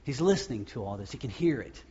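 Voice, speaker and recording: A man preaching a sermon as pastor, acting out the crowd's shouts and the quoted words. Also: mid-range voice, lively intonation, fast, muffled recording, a little hiss or hum.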